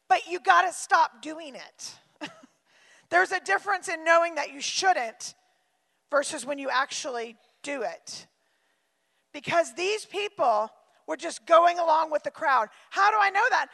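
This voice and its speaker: A woman pastor preaching with emphatic repetition and lively asides. Her voice is very high and bright, with a gravelly fry in it. The long reverb of a large hall hangs on every phrase. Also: a little slow. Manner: emphatic, repeats phrases for effect; shifts into lively acted-out quotes and asides. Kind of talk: sermon.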